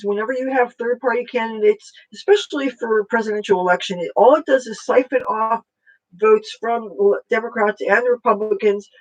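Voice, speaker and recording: A political vlogger talking casually at home in a rambling, halting way with many fillers and restarts. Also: medium pitch, low-quality recording.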